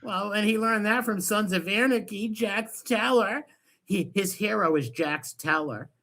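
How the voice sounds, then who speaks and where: A man hosting a stream, ranting in crude, mocking casual commentary with loud outbursts. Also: high-pitched, measured pace. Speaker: stream host.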